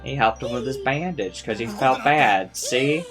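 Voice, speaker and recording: A man's voice: mid-range voice, a little slow. A young man casually reacting to a show episode, swearing often and laughing a lot. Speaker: reaction video host. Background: episode audio with music.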